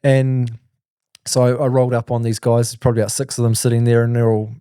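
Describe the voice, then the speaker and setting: A man's voice: medium pitch, monotone, fast, warm tone, clean tone, no room sound, studio quality. A man, a podcast host telling a long story in a rambling casual way, full of fillers. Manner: rambling, full of "like" and "you know".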